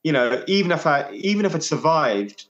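A man in his forties telling a personal story as a podcast guest, reflective and halting, often repeating his phrases. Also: a little high, lively intonation, fairly bright tone, dull audio. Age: 40s.

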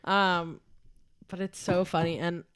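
A young woman co-hosting a casual podcast chat, talking softly and laughing often. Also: fairly low pitch, flat delivery, slow pace, clear, resonant tone, no echo, clean studio sound. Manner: laughs often, soft and giggly. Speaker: podcast co-host.

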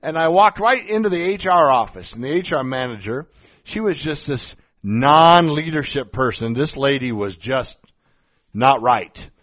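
A man's voice: medium pitch, expressive, unhurried, fairly bright tone. A man telling a story as a motivational speaker, blunt and emphatic, with some mild cursing. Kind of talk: storytelling monologue. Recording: slightly dull lo-fi recording.

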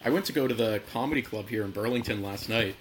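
A man's voice: on the low side, fast talker, noisy background. A man who is a comedian guest on a podcast, telling stories in a laid-back way and laughing often. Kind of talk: casual comedy chat.

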